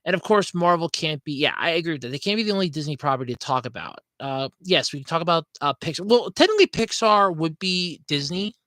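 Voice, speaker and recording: This is a podcast host chatting on a livestream in a loose, rambling way, apologizing and venting. The voice sits in a middle pitch, and the recording is close and dry with no room sound. The talk keeps wandering and restarting. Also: animated, fast, few pauses, a bit bright, dry recording. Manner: rambling, scatterbrained; apologetic, frustrated rant. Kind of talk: casual livestream chat.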